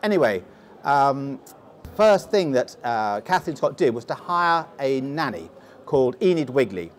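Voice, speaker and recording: A man's voice: mid-range voice, very animated, a little slow. A middle-aged man with a posh English accent, telling long stories as a guest in an interview, often restarting his sentences. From England. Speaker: guest explorer. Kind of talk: storytelling interview.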